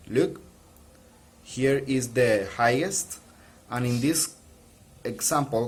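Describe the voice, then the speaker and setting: Slow, patient male English teacher. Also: medium pitch, slightly rough. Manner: slow, patient explaining with many restarts. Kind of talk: recorded video lesson.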